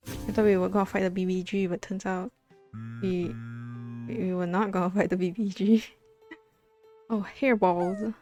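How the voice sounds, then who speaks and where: A woman's voice: mid-range voice, level tone, normal speed, long pauses, darkish tone, faint music behind. A woman streamer chatting casually while playing, playful and greeting her chat.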